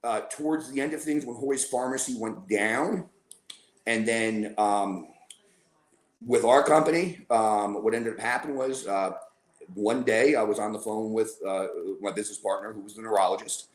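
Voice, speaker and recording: A man appears as a podcast guest, casually spinning a long, rambling story full of fillers and acting out what people said. His voice is lowish and his speed normal. The room is roomy and echoey.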